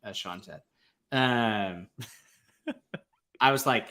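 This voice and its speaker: A man's voice: medium pitch, slow, bright, forceful tone. Laid-back, rambling young man. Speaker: podcast co-host. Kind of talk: casual fan chat.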